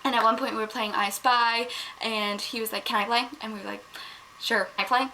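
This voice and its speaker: A teenage girl telling a storytime vlog in a casual chatty way, filling her talk with "like" and getting loud and indignant as she retells. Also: on the high side, steady tone, brisk, a little hiss or hum, low-quality recording. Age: teens. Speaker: vlogger. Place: home, at one point in a bathroom.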